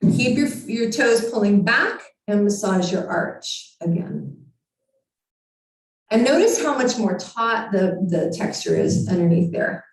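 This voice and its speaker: A woman teaching a yoga class, giving calm, encouraging step-by-step cues for foot massage and balance work. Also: mid-range voice, takes it slowly. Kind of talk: guided yoga instruction. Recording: very echoey room, far from mic.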